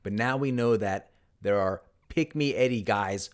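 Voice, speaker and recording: A man's voice: fairly low pitch, unhurried. A man hosting his own golf channel, telling a story and reading posts aloud in a sarcastic, mock-dramatic way. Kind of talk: narrated commentary reading tweets aloud.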